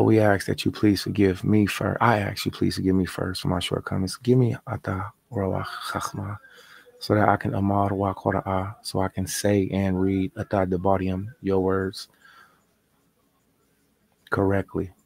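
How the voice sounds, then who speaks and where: A man's voice: sits low, flat delivery, normal speed, gravelly. A man leading a spoken prayer, chanting repeated invocations and confessing his faults. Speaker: prayer leader.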